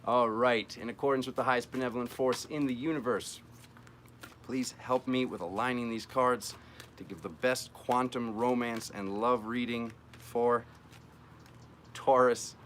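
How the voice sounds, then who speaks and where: A man's voice: medium pitch, steady tone, measured pace, fairly bright tone, a little hiss or hum. A man hosting a live-streamed tarot reading, chatting playfully and joking with his viewers as he works through the cards.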